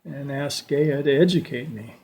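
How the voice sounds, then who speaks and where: An older man giving a slow, reflective personal talk at a church service, telling stories with pauses. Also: medium pitch, a little mellow. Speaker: church lay speaker.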